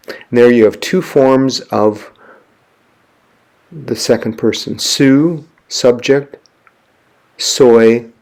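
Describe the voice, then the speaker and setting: A man's voice: on the low side, vocal fry, darkish tone. A man giving a lecture, explaining forms patiently and reading passages aloud. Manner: slow, explanatory, reads Greek aloud. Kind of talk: classroom lecture.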